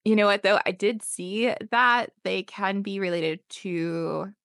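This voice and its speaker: A woman co-hosts a casual podcast from a video call and chats loosely, full of fillers and quick laughs. The sound is dry and close, with no room echo. Her pitch sits in a middle range for a woman. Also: creaky, a bit bright. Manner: chatty, many fillers and laughs. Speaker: podcast co-host. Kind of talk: casual chat. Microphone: remote video call.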